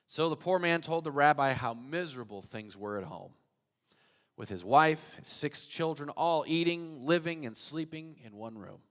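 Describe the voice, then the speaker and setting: Man, pastor, sermon, lively storytelling, long church reverb. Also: fairly high pitch, normal speed. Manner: animated storytelling. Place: church sanctuary.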